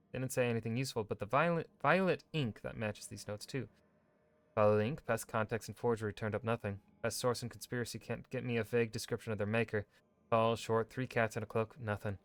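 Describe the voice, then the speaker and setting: A man streaming a video game, reading in-game lore texts aloud in a measured, steady way with brief asides. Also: mid-range voice, clean tone, no room sound. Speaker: gaming streamer.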